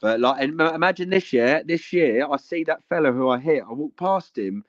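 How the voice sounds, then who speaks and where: A man's voice: on the high side, animated, moderate pace, dull audio, noisy background. A young man, chatting casually on a podcast, rambling with lots of fillers and swearing.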